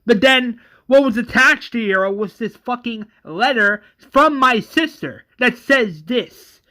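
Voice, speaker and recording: A man voicing an angry, grieving adult brother who yells and stammers. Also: high-pitched, animated, extremely slow, exaggerated voice. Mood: frantic. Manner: yelling, stammering, bitter.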